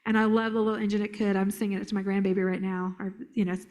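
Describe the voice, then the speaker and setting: A middle-aged woman therapist giving a playful, lively workshop talk at a conference, acting out children's voices as she explains. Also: mid-range voice, racing. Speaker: trauma therapist presenter. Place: conference hall.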